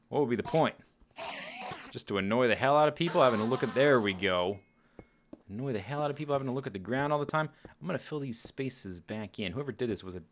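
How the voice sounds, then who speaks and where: Lively, bright-voiced man narrating gameplay. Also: medium pitch, slight background noise. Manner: chatty, animated, exclaims and laughs at the game. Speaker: Let's Play host. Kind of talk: casual gameplay commentary.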